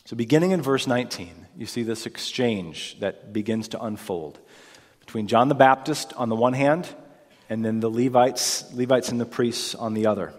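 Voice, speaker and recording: A man's voice: medium pitch, moderate pace, darkish tone. Emphatic preacher man in a reverberant hall. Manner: emphatic, rising for quoted lines, occasional fillers. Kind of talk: sermon with scripture reading. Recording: long reverb of a large hall.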